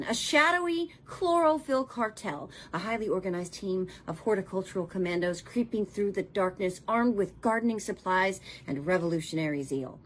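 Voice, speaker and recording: Sarcastic husky-voiced woman ranting. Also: lowish voice. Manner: sarcastic, exasperated, profane. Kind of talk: scripted political commentary rant.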